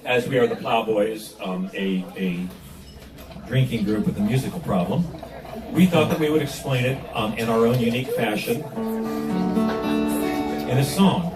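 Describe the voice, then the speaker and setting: A man's voice: medium pitch, moderate pace, long pauses, far from the mic. A man leading a band, giving dry, wry stage banter between songs. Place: restaurant stage. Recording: roomy stage mic from afar, loud music.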